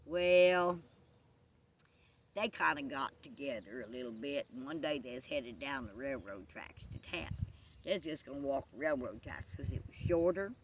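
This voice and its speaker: A woman telling a folksy joke story with drawn-out asides. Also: extremely low pitch, expressive, slight background noise.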